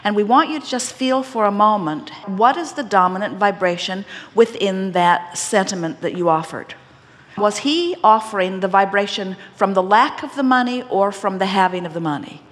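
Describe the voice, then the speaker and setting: Woman, seminar speaker, inspirational talk, deliberate, gently teasing, long hall reverb. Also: mid-range voice, expressive. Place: seminar room with a live audience.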